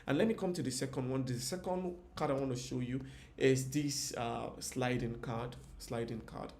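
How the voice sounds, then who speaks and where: A man's voice: mid-range voice, fairly even intonation, normal speed, darkish tone, slight background noise. Chatty male design tutor. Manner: chatty, repeats phrases, talks to viewers in comments. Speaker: UI designer teaching. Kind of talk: casual live design tutorial.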